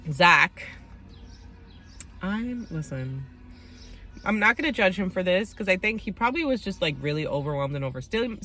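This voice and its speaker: Bright-voiced, blunt woman ranting through a recap. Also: fairly low pitch. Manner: blunt, profane, heated and opinionated; acts out quotes of the cast mid-story. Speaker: TV recap host. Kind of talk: casual reality-show recap commentary.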